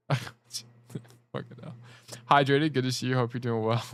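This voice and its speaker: A man's voice: medium pitch, fairly even intonation, slow, smooth. A man coaching players over a casual livestream, rambling, joking and swearing as he talks. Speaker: game coach.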